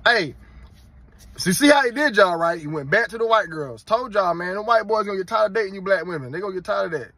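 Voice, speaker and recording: A Southern man from North Carolina rants into the camera as host of his own channel, animated and mocking, with a husky edge and a pitch a bit above most men's. The sound is close and dry. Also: fast talker, no echo. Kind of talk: casual ranting vlog.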